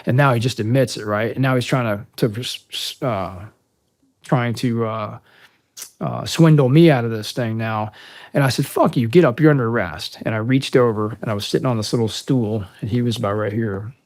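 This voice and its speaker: A man in his fifties from the United States, a veteran guest on a long-form interview, telling a story in a casual, animated and profane way and loudly acting out the dialogue. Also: medium pitch, moderate pace. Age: 50s. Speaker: podcast guest, military veteran.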